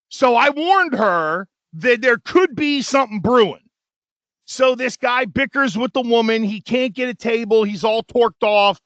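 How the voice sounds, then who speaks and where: High-voiced man telling a heated story. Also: expressive, normal speed, pushed and bright, dry recording, highs cut off. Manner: profane, worked-up anecdote with acted-out quotes. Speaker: radio show host. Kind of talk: animated storytelling, casual chat.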